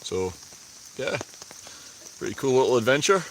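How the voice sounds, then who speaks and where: Very animated and a bit bright at a medium pitch, a Scottish man live-streams from beneath a tarp in a wet forest at night, chatting at a moderate pace. He's slightly tipsy and quick to laugh. Faint rain on the tarp comes through the rough outdoor audio.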